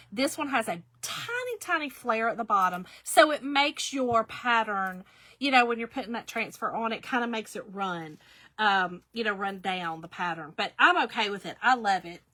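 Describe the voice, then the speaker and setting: A woman's voice: on the high side, pushed and bright, no room sound. A middle-aged woman, hosting a craft livestream and chatting folksily with viewers. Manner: folksy, talks straight to viewers with "y'all" and "okay?".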